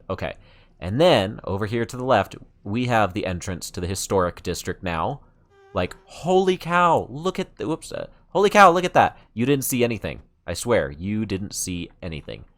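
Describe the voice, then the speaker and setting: A man with a fairly low voice gives casual let's-play commentary, rambling and padding his talk with fillers and restarts. He gets excited easily as he shows things off. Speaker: gaming channel host.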